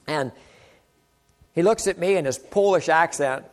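A man's voice: a little high, a little slow, pauses often. An older man preaching a sermon, earnest and exclaiming, often asking the listeners rhetorical questions.

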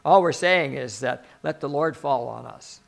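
A man preaching a sermon, animated, often laughing and swinging between soft musing and loud exclamation. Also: medium pitch, normal speed, vocal fry, soft background music.

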